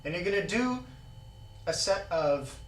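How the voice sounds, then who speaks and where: A man's voice: high voice, lively intonation, unhurried, over loud music. A man teaching a drumming exercise in a casual way, counting beats aloud, recorded in an indoor practice room from a camera mic across the room. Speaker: drum teacher. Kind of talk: casual instructional talk. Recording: roomy, distant mic with drumming.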